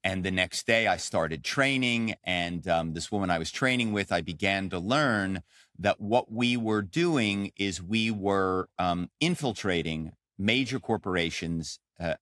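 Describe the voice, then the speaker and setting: A middle-aged man, a guest on an interview show, telling his story in an animated, conversational way with many fillers. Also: low-pitched, dry recording, studio quality. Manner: animated storyteller, frequent "um" and "you know". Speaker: podcast guest, author and former corporate spy.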